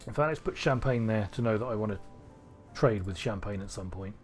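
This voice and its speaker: A man's voice: lowish voice, fairly quick, soft background music. Rambling English man streaming a game. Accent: neutral southern English. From Cornwall, England. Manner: rambling, thinking aloud, self-questioning. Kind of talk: casual gameplay commentary.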